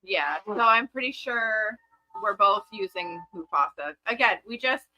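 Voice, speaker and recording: A woman's voice: medium pitch, animated, measured pace, highs cut off, crowd noise. A woman co-hosting a live farm stream, chatting casually and joking with her partner.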